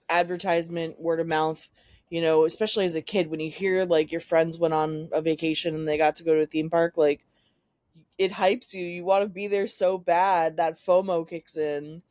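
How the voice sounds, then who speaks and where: A woman's voice: low voice, fairly even intonation, moderate pace, a little mellow, no room sound, studio quality. A woman co-hosting a podcast in casual chat, joking and laid-back, talking over her phone from home. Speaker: podcast co-host. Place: at home, separate from co-host. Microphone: phone over hotspot.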